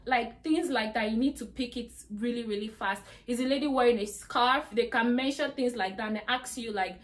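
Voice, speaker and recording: A woman's voice: on the high side, moderate pace, hardly any pauses. A young woman giving exam tips in a chatty vlog, with lots of "like" and "you know". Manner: chatty, repeats "like" and "you get me". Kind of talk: casual talk to camera.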